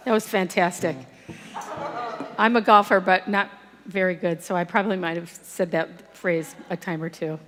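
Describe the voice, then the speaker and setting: Woman, sermon, bright forceful tone, fairly high pitch, long hall reverb. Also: steady tone, normal speed. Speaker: guest speaker. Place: church hall.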